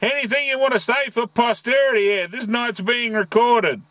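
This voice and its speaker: A man's voice: very high-pitched, normal speed, background noise. Jokey Australian man on ham radio. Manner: jokey, uses radio call signs and slang. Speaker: amateur radio operator, travel vlogger. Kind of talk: casual ham radio chat. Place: outdoors at a bush campsite.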